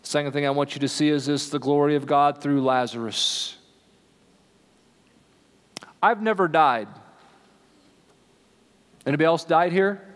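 A man delivers a sermon in a conversational tone, now and then slowing right down to drive a line home. His voice sits a bit high for a man. A long reverb trails each phrase, as in a big church hall. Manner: conversational preaching, slows for emphasis. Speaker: pastor.

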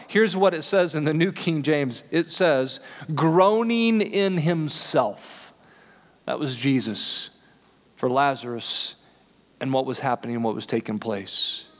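A man preaching a sermon in a relaxed, conversational way, slowing down to stress key lines. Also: fairly high pitch. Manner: conversational preaching, slows for emphasis. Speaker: pastor. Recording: long hall reverb.

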